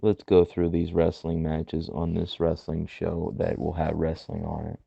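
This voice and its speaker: A man co-hosting a casual wrestling podcast, wry and quick to laugh. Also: low voice, completely flat delivery, creaky, mellow, slightly rough, no room sound. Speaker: podcast co-host. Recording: dull lo-fi dry recording.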